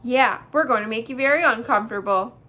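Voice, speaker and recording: A woman voicing a dim young male bear in a storybook reading, talking in a loud, blustering way. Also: fairly high pitch, brisk.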